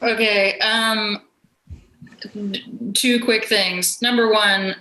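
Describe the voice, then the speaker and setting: A woman with a bright, sharp voice speaks candidly over a video call, with a nervous edge and quick asides. Her voice carries a roomy echo. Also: medium pitch, fairly even intonation. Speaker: actor on a reunion panel. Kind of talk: casual panel chat.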